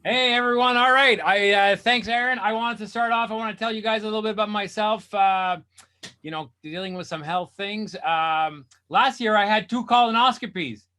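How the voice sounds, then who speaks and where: A man doing a stand-up comedy set, ranting in exasperation and bursting into shouts. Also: high voice, normal speed.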